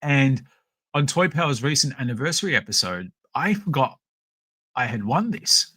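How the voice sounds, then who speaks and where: An Australian man hosting a podcast, chatting casually on a live stream and telling stories in a rambling, animated way full of fillers. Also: mid-range voice, normal speed, slightly rough, no room sound. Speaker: podcast host.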